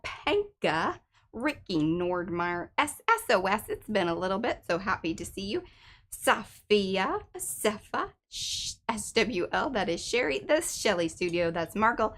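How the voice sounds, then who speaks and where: A woman's voice: fairly high pitch, fairly bright tone. A middle-aged woman hosting an art livestream, chatting casually and greeting viewers one by one.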